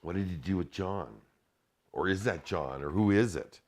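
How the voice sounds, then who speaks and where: A man telling a story in casual chat, animated and profane, acting out the shouted lines. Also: sits low, moderate pace.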